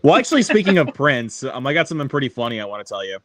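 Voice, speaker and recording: A young man hosts a laid-back online hangout over a call, laughing often and stumbling and restarting his sentences as he chats casually. His mid-range voice is sing-song and rapid-fire, with background noise audible.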